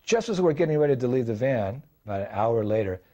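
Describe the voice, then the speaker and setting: A man's voice: mid-range voice, lively intonation, fast, mellow, dull audio. An older man, a monk speaker, telling a reminiscence in a loose, anecdotal way, full of fillers and acted quotes. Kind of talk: storytelling reminiscence.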